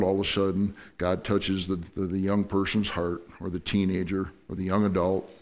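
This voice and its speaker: A man preaching a sermon as pastor, swinging from loud, fervent passages to soft, pleading ones, and acting out the voices of the people he quotes. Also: sits low. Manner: acts out quoted voices of God and the congregation.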